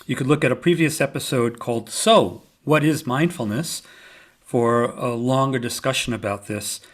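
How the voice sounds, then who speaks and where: A man hosting his own podcast, explaining yoga and mindfulness in a calm, measured teaching voice with gentle humor. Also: mid-range voice. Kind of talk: solo podcast talk.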